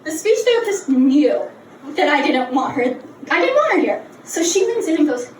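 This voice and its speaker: At a moderate pace, a young comedian of about nineteen delivers a live bar set full of brash, profane stories that poke fun at herself. Her high voice swings widely in pitch; there's slight background noise, though the roomy, distant recording carries loud bar ambience.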